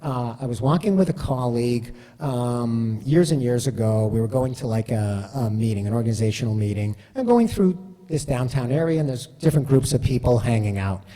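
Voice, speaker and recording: Male speaker, mellow tone, animated storytelling, hall reverb. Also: medium pitch, a little fast. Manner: chatty, self-deprecating, animated. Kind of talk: storytelling talk.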